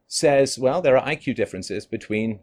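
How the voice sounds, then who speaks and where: A middle-aged man giving a monologue commentary, animated, often laughing and mimicking others in mocking quotes. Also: mid-range voice, normal speed.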